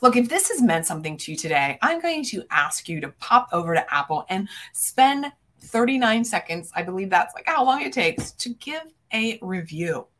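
A woman's voice: medium pitch, big pitch swings, normal speed, few pauses. A woman podcast host and business coach giving emphatic, fervent motivational talk, speaking straight to her listeners as friends. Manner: emphatic, fervent, punchy declarations with big swings in loudness; addresses listeners directly as friends.

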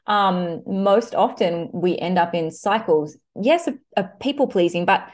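A woman's voice: on the low side, unhurried. Reflective woman hosting a podcast. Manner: reflective and probing, laughs often. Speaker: podcast host. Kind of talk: conversational interview.

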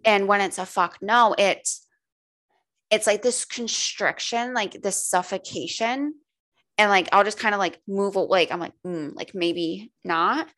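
A holistic coach guesting on a casual podcast speaks candidly in a mid-range, fairly bright voice at a moderate pace. She swears freely and says "like" constantly.

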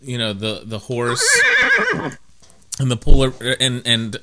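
A man's voice: medium pitch, steady tone, takes it slowly, background noise. A man in the middle of his range, hosting a talk podcast. He rambles through his thoughts in loose casual chat and pokes fun at himself as he goes. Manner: rambling, self-mocking, jokey. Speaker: podcast host.

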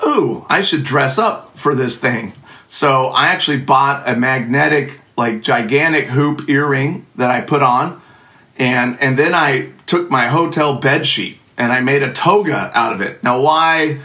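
A man's voice: mid-range voice, pushed and bright. A middle-aged man telling a funny personal story in a casual, sarcastic, self-mocking way.

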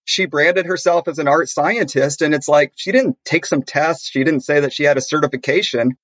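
A man co-hosting a podcast in casual chat, telling stories with lively acted-out dialogue. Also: a little high, moderate pace, no echo, dull audio. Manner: animated storyteller, acts out quoted dialogue. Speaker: podcast co-host.

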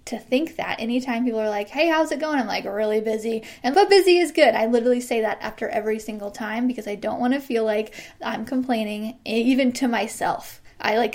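A woman in her thirties hosting a casual solo podcast, bubbly and quick to laugh. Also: on the high side. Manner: bubbly, laughs often, acts out quoted excited voices. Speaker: podcast host.

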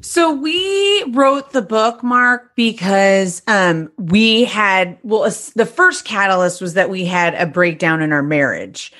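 A woman's voice: mid-range voice, slow pace, hardly any pauses. A woman from Detroit, Michigan, speaking as an author guest in an earnest, faith-centered way. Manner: earnest, warm-hearted, faith-centered explanations. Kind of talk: interview guest talk.

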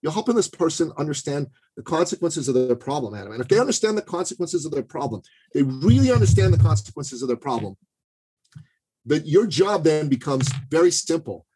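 Husky, emphatic man coaching on a podcast. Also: fairly high pitch, expressive, a little fast, dark tone, low-quality recording. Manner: emphatic, pushy coaching talk with many asides and restarts. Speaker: guest, sales and marketing coach. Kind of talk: podcast interview.

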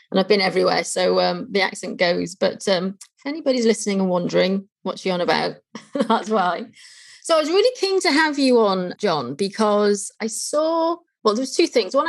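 A woman's voice: mid-range voice, vocal fry. Chatty Welsh woman podcast host. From North Wales. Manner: chatty, laughs easily. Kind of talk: casual interview chat.

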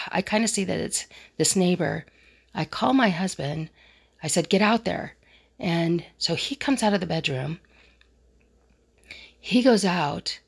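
A woman's voice: on the low side, creaky, slightly rough. A middle-aged woman vlogger animatedly retelling a personal story.

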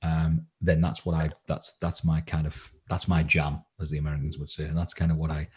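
This English man, a confidence coach interviewed on a podcast, has a rumbling low, darkish voice with a breathy edge. His delivery is completely flat and fairly quick, casual but full of ums and restarts.

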